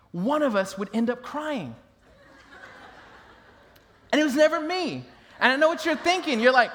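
A man in his thirties preaches to his congregation in a notably high voice. He tells family stories with easy humor and often breaks into laughter. His words ring out through a large, reverberant hall. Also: normal speed. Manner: animated storytelling, laughing with the crowd. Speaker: pastor. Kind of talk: sermon.

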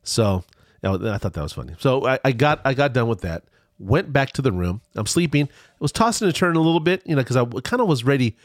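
A man's voice: mid-range voice, big pitch swings, quick pace, no echo, clean studio sound. A man telling a rambling travel story in casual chat, with many restarts.

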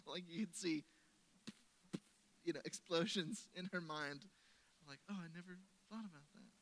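Bright-voiced man preaching a sermon. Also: moderate pace. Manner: conversational storytelling, swinging between loud emphasis and soft lowered tones. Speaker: pastor. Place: church service.

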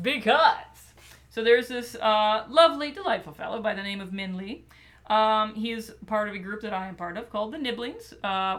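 A bright-voiced woman hosting a casual podcast chat, playful and full of fillers. Her pitch sits in an ordinary middle range. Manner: chatty and playful, with many fillers. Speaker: podcast host. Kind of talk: casual chat about children's books.

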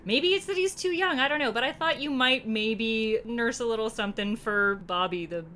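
A woman's voice: on the high side, normal speed, sharp tone, a little hiss or hum. A woman co-hosting a podcast in casual chat, wry and articulate, laughing easily. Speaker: podcast co-host.

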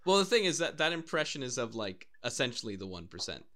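A man's voice: mid-range voice, big pitch swings, fast, bright, forceful tone. A young man chatting casually on a podcast, rambling and swearing freely. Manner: rambling, swears often, mimics callers. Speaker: podcast co-host. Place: Cardiff, Wales.

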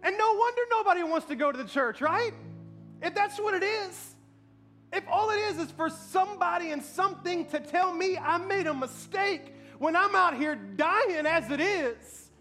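A pastor telling a story in a sermon, building to loud, emphatic preaching and asking the congregation for amens. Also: male voice, very high voice, expressive, moderate pace, faint music behind.

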